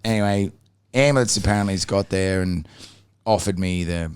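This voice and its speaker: An Australian man hosting a podcast, telling a story casually in a blunt, profane, animated way. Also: low-pitched, normal speed, a little hiss or hum. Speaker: podcast host.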